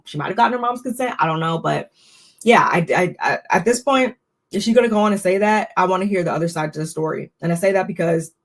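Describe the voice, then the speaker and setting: A woman's voice: on the low side, fast talker. A woman giving a casual, opinionated recap of a reality show, talking freely with frequent restarts. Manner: chatty, opinionated, restarts often. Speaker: recap host.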